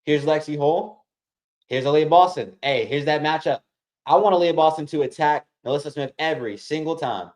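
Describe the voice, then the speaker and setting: A man with a fairly high pitch talks a little fast as he hosts a casual watch-along of a basketball game. Calling the play-by-play, he speaks straight to viewers, excitably addressing them as "y'all."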